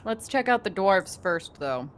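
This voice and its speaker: Woman player ribbing the others, very animated voice. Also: medium pitch, slight background noise. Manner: quick, teasing banter. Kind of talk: tabletop game play chat.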